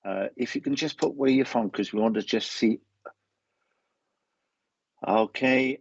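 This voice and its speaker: Husky Welsh man, chatty medium. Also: on the low side, normal speed, a little mellow, no echo, lo-fi sound. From Wales. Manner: chatty, greeting viewers by name one after another. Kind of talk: live-stream greetings and mediumship reading.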